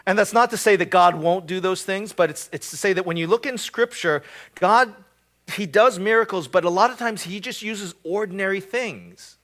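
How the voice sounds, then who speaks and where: A man's voice: on the high side, a bit bright. A man preaching a casual sermon, with frequent fillers and repeated words. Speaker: pastor. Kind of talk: conversational sermon.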